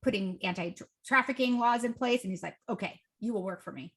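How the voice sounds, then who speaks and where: Podcast guest, woman, 40s, bright voice, lively storyteller who acts out the dialogue. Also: moderate pace, hardly any pauses, slight background noise. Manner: lively, acts out quoted dialogue with raised pitch. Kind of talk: casual interview storytelling.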